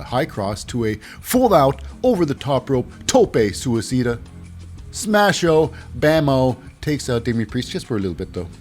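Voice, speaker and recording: Man, wrestling recap, lively swooping pitch, halting fillers, faint music behind. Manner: animated, puts on silly voices for wrestlers, hesitant fillers. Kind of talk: casual wrestling recap commentary.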